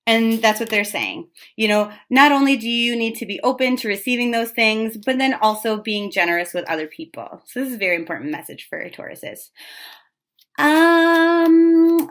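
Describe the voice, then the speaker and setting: A woman's voice: on the high side, expressive, moderate pace, a bit bright. A woman giving a casual tarot reading, talking in a chatty, frank way with plenty of fillers and the odd swear word. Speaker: tarot reader.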